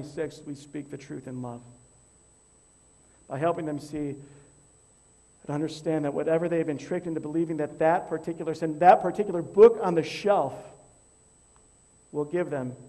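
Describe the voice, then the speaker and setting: A man preaching as a pastor, teaching in a measured, emphatic way and counting off numbered points. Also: a little high, fairly even intonation, creaky, warm tone. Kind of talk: teaching sermon.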